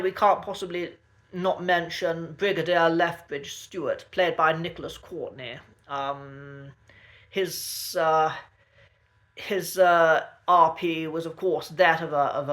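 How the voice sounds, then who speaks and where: A man giving a casual spoken lesson to camera, polite and measured, pausing often with ums and uhs and restarting his sentences. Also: a little high, bright, forceful tone. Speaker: accent coach.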